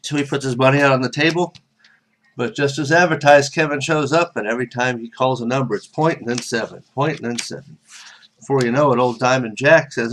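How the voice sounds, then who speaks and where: A man's voice: medium pitch, a little fast, a bit bright, a little hiss or hum. Chatty man telling a casual story. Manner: rambling, self-correcting, chatty asides.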